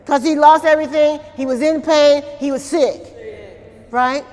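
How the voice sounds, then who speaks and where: A woman's voice: high voice, steady tone, normal speed, darkish tone, big-room sound. A woman pastor preaching a sermon in church, talking conversationally, repeating words and asking the congregation questions. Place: church during a service.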